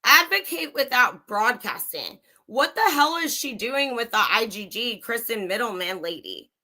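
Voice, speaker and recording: A woman's voice: on the high side, normal speed, sharp tone. A young woman livestreaming true crime commentary, angry, sarcastic and swearing freely as she reads and reacts. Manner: profane, sarcastic, heated.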